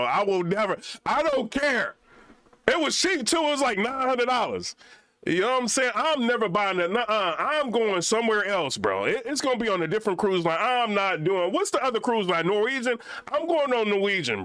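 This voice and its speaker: A man's voice: high-pitched, very animated, moderate pace, sharp tone, dry recording. A young man vlogging in a casual, rambling rant full of slang.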